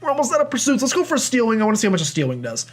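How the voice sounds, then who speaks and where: A young man talks through a video game playthrough, commenting on every move. His voice sits high for a man. He rambles, jokes about himself and chats casually with his viewers. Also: huge pitch swings, very fast, faint music behind. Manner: chatty, rambling, self-deprecating. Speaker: let's play host.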